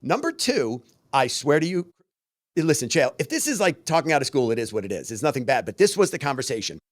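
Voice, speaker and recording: A man's voice: mid-range voice, brisk, dry recording, studio quality. A man co-hosting a casual podcast chat, telling stories and acting out the voices of the people in them. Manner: animated storyteller, acts out quoted voices. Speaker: podcast co-host.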